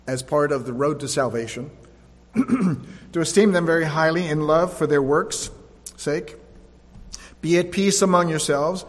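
A man delivers a sermon with a somewhat high voice, reading scripture aloud before breaking into plain, conversational explanation. His voice rings out with a long reverb, as in a large sanctuary. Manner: reads verses aloud then explains in plain conversational asides. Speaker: pastor. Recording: echoey hall with long reverb.

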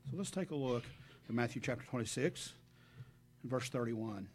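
A preacher with an animated, mid-range voice gives a conversational sermon at a moderate pace, speaking earnestly and directly to the congregation. Between scripture readings he adds reflective asides, and there's a little hiss or hum in the recording.

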